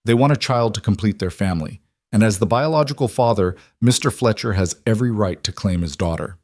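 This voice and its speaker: A man's voice: on the low side, fairly quick, no room sound, studio quality, lightly acted. A man voicing a blunt, smug lawyer who speaks with mock politeness. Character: smug male lawyer, cold and mocking.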